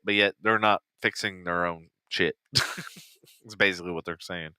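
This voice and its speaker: Bright, clear-voiced man. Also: fairly low pitch, lively intonation, brisk, no echo. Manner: swears freely and laughs while reading. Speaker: podcast co-host. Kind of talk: casual chat, reading out news and posts.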